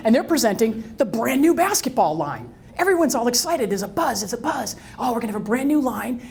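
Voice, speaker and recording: Middle-aged woman telling a lively story. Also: medium pitch. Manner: lively storyteller who acts out dialogue and quizzes the audience. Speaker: speaker. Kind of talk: live talk to an audience.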